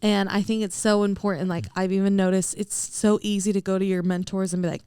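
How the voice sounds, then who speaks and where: A woman's voice: medium pitch, flat delivery, fairly quick, dark tone, clear, resonant tone, no echo, studio quality. A female pastor in a casual podcast discussion, speaking in an earnest, reflective way.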